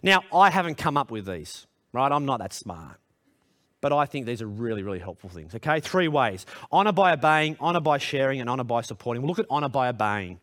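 A man's voice: very animated, fairly quick, fairly bright tone. A man preaching a sermon to a congregation in a church hall, earnest and direct, putting questions to his listeners. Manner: earnest, direct questions to the congregation, pitch rising when emphatic. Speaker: pastor.

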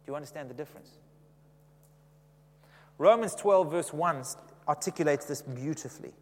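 A man's voice: fairly high pitch, moderate pace, in a large hall. A man preaching a sermon in a conversational way, often asking the congregation questions.

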